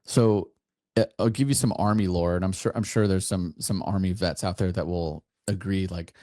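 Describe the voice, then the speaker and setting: Low voiced army guy on a podcast, lots of ums and likes. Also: moderate pace, mellow, dry recording, clean studio sound. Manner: hesitant, many fillers. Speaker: guest, soldier. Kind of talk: casual interview chat.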